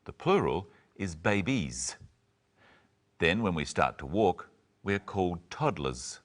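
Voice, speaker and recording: A man's voice: sits low, takes it slowly. A man co-hosting a scripted English lesson, expressively acting out example phrases and replies. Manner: expressive, acts out example exchanges. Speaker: English teacher, co-host.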